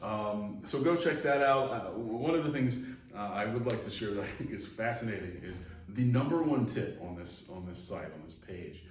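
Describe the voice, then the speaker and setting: Male psychology lecturer, chatty and rambling, slightly low voice, faint background noise. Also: lively intonation, normal speed, darkish tone. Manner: conversational, digressive, acts out quoted voices. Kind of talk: recorded online lecture. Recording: echoey room, mic far off, faint noise.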